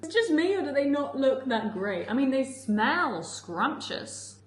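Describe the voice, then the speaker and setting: A woman's voice: sits high, sing-song, unhurried. Chatty woman in an echoey kitchen. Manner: chatty, peppered with "like", laughs often. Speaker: food vlogger. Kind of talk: casual chatty vlog while cooking. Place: home kitchen.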